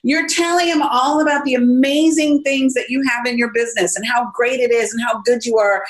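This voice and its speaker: A woman on a podcast giving energetic sales advice and acting out quotes as she tells stories. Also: on the high side, brisk, low-quality recording. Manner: energetic, animated storytelling with acted-out quotes. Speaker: business speaker and author. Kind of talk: casual podcast interview.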